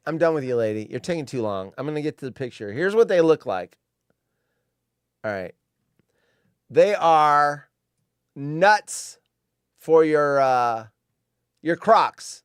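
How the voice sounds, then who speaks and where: A man's voice: a little high, big pitch swings, unhurried, long pauses, clear, resonant tone, no echo, studio quality. A man hosting a live-stream show alone, reacting with sarcastic, rambling commentary and muttered asides. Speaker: show host.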